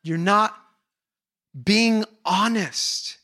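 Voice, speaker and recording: Male pastor preaching, bright voice, gets loud then drops real quiet, plays out little conversations. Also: high voice, drawn-out words. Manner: animated, acts out dialogue, swings between loud and hushed. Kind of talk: sermon.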